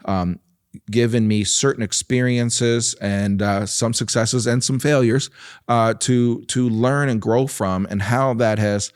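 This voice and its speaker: A man in his fifties, a nonprofit leader, telling stories in a relaxed interview with easy laughs and filler words. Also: medium pitch, slow, smooth, no echo, clean studio sound. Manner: warm storytelling with frequent laughs and fillers. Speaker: nonprofit president and guest.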